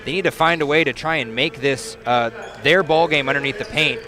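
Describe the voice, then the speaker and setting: A man doing casual halftime commentary at a high school basketball game, chatty and easygoing with frequent pauses. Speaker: play-by-play announcer. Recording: noisy gym crowd behind. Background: crowd chatter.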